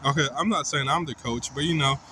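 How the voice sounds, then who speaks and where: A man's voice: mid-range voice, brisk. Frustrated young man venting outdoors. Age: young adult. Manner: frustrated, rambling, often says "you know" and "like". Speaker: vlogger. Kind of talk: casual venting monologue. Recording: clear outdoor street noise.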